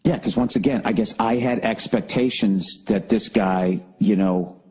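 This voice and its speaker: Husky-voiced man ranting profanely. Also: on the low side, a little slow, a little mellow, low-quality recording. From United States. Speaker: podcast host. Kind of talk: solo comedic rant.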